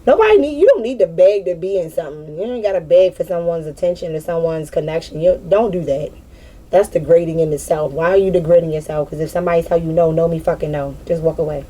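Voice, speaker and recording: A woman's voice: fairly low pitch, fast talker, mellow. A woman giving a casual spiritual reading to her viewers, candid and slangy, with frequent swearing. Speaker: spiritual reader.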